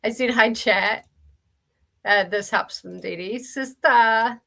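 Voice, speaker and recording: Kiwi lady streamer, gravelly fry in her voice, chatty and laughing, reads out chat. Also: mid-range voice, steady tone, measured pace, sharp tone. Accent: New Zealand. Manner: chatty, laughs often, restarts and fillers while reading chat aloud. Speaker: streamer hosting a reading sprint. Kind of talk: casual livestream chat reading out comments.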